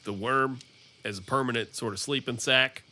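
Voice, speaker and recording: A man co-hosting a comedy podcast, musing aloud in halting banter full of fillers. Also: medium pitch, sharp tone. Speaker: podcast co-host.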